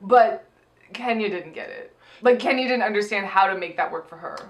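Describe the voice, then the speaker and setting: A woman co-hosting a casual recap podcast, animated, acting out quotes in playful voices and laughing often. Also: medium pitch, normal speed. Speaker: podcast co-host.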